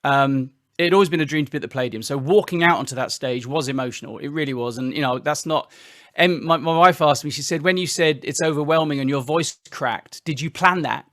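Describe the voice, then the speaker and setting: Middle-aged man, British, interview guest, lively storyteller, higher voice, dry sound. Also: quick pace, no echo. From Britain. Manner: animated storytelling with frequent restarts. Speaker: interview guest, singer-songwriter. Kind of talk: casual interview chat.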